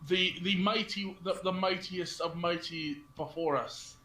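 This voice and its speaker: A man speaks slowly and haltingly for his character in an online tabletop game. His voice is high and bright. The sound is roomy, as over voice chat. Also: slight background noise. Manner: halting, formal in-character speech. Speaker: player.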